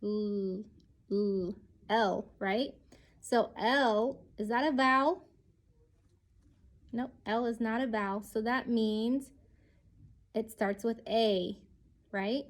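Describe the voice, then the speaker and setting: A woman's voice: a little high, steady tone, slow pace, pauses often. A woman teaching a children's lesson, speaking patiently and sounding out each letter.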